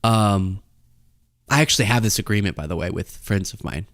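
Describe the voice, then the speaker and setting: A man's voice: lowish voice, moderate pace, fairly bright tone, no room sound. A young adult man hosting a casual political commentary show, rambling and improvising a comic story. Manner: rambling, improvising a comedy bit. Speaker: host.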